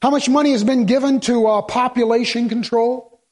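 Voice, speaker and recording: A man's voice: very high voice, fairly even intonation, normal speed, darkish tone. A man preaching a sermon in church, quoting scripture and asking his congregation rhetorical questions, sometimes sarcastic. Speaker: pastor.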